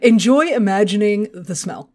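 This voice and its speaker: A woman's voice: mid-range voice, expressive, normal speed, a little mellow. A woman co-hosting a podcast, recapping a comic book in a crude, sarcastic, playful way. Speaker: podcast co-host.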